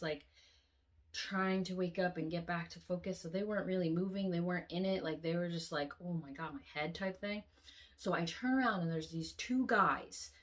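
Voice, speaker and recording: A woman vlogger telling a long dream story in an animated, casual way, swearing often and acting out the lines. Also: mid-range voice.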